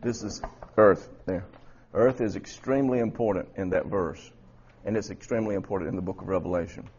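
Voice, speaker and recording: A man with a husky voice teaching a Bible study class, often repeating words and quizzing his students. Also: deep voice, brisk, darkish tone, lo-fi sound.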